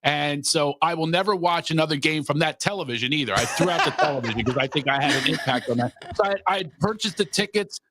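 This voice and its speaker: A man's voice: a little high, expressive, fast, few pauses, bright, forceful tone, a little hiss or hum. A man from Philadelphia, a guest comedian, rambling and joking about himself with many restarts. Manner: rambling, self-mocking, frequent restarts. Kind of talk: casual comedy podcast chat.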